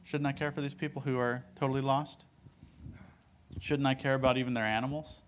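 A man teaching from scripture in an easygoing, conversational way, reading passages aloud and then explaining them in his own words. His voice sits at an ordinary middle pitch and he often checks in with his listeners. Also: level tone, a little fast, slight background noise. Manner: conversational, lots of "like" and "right?", reads verses aloud. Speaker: preacher.

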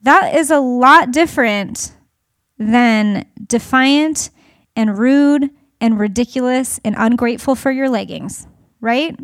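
A woman in her thirties speaking to an audience in a conversational way, telling family stories with animated delivery and laughter. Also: fairly high pitch, slow, no echo, clean studio sound.

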